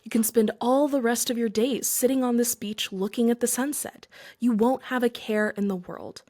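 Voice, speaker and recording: Woman reading a pushy businessman guy, a bit higher pitched, getting annoyed. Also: expressive, normal speed, a little mellow. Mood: irritated. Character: pushy male businessman growing angry.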